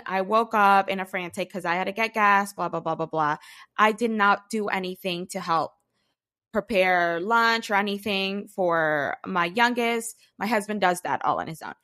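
A woman in her thirties, a podcast co-host, telling chaotic family stories in a lively, excitable way. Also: mid-range voice, normal speed. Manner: animated storyteller, excitable. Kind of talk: casual chat.

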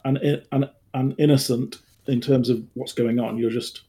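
A man running a tabletop game, calmly explaining the setting to his players in casual chat. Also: mid-range voice, normal speed. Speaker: game master.

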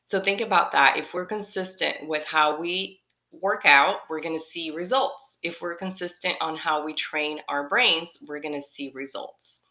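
Bright-voiced upbeat woman podcast host. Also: sits low, a little slow. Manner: upbeat, encouraging, repeats key phrases. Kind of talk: motivational solo podcast.

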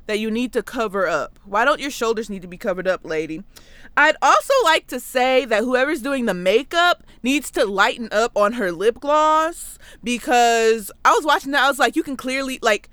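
Sassy bright-voiced woman reviewing a film. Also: a little high, dry recording. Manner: sassy, playful, with loud whooping outbursts. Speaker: podcast host reviewing a film. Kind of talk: casual comedic review. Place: basement home studio.

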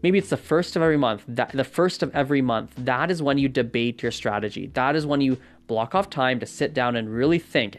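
A man's voice: mid-range voice, brisk, hardly any pauses. Casual, rambling man giving advice. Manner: rambling, with many fillers and self-corrections; conversational, often asks "right?". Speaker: language-learning vlogger.

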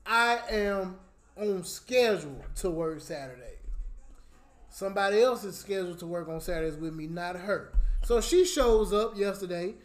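Guy on a podcast ranting about work, animated, laughing a lot, heated. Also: high voice, normal speed. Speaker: podcast co-host. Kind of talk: casual storytelling chat.

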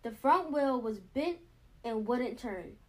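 A woman reading a children's storybook aloud, steady with small slips and restarts. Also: fairly high pitch, takes it slowly. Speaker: storybook reader. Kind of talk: children's book read-aloud.

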